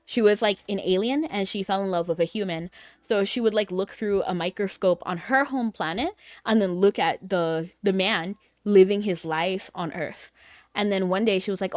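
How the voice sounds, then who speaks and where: A woman's voice: mid-range voice, moderate pace, no room sound, clean studio sound. A woman streaming a game, chatting casually with her viewers in a rambling, filler-heavy way and laughing easily.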